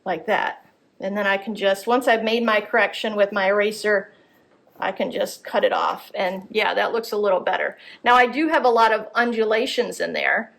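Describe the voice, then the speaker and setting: A woman's voice: medium pitch, normal speed, creaky, a bit bright. A woman teaching art, giving a live drawing demonstration at a gallery workshop and thinking aloud as she corrects her lines. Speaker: art instructor.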